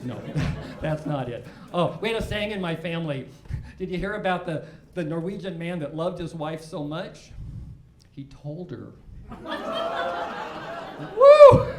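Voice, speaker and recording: A man's voice: on the high side, moderate pace, noisy background. Man telling dry stand-up jokes. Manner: dry, self-deprecating storytelling with frequent laughs. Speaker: stand-up comedian. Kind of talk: stand-up comedy set. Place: comedy stage before a live audience. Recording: roomy club sound.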